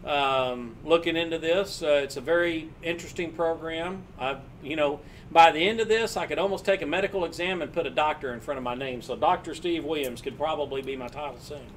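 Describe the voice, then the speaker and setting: A man's voice: fairly high pitch, brisk, hardly any pauses, a little hiss or hum. A man, a regular guest chatting casually, with hesitant fillers. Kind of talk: casual chat.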